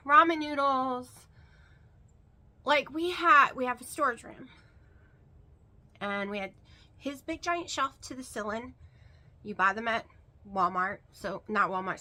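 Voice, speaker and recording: A woman's voice: mid-range voice, pushed and bright. A woman vlogger talking casually to the camera, rambling and emphatic, repeating words for stress. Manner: rambling and chatty, with many fillers.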